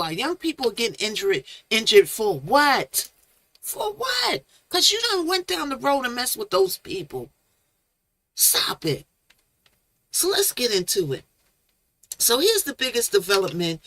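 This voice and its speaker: A bright, forceful woman hosts a live stream and talks straight to her chat, greeting viewers by name and tossing out playful made-up words. The sound is dry and close, with hardly any room in it. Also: fairly high pitch, sing-song, normal speed, dry recording. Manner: chatty, reads chat names aloud, playful made-up words. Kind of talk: casual live-stream commentary.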